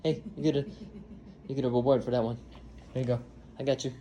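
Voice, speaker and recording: A man's voice: medium pitch, level tone, fast talker, warm tone. A man filming at home, talking to his pets in a playful, teasing way, like he would to kids. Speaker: pet owner filming at home. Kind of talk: casual home video chat. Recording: noisy home video.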